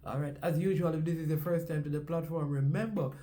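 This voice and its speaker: A man's voice: a little high, flat delivery, quick pace, dark tone. A man with a Jamaican accent hosting his own sports show, talking casually with a preacher-like cadence and repeating phrases for emphasis. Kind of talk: casual sports commentary with a sermon-like opening.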